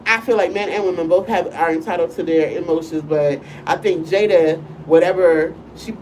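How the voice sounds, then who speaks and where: A woman's voice: fairly low pitch, moderate pace, a little mellow, a little hiss or hum. A woman co-hosting a casual live-stream chat, talking loosely and often asking "you know what I'm saying". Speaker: co-host and school teacher. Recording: voice a bit far from the mic.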